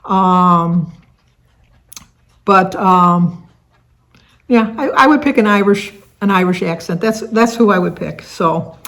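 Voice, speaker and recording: An older woman from the Detroit area of the United States hosts a tag video as a vlogger, chatting casually to camera and rambling with many fillers and restarts. Her medium-pitched voice is a bit bright, and she takes it slowly, pausing often.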